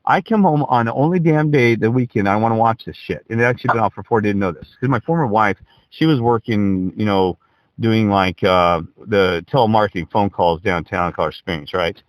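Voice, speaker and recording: A man's voice: fairly low pitch, brisk, dry recording, rough recording. A middle-aged man telling a long story in casual chat, rambling and swearing, restarting his sentences often. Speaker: podcast storyteller.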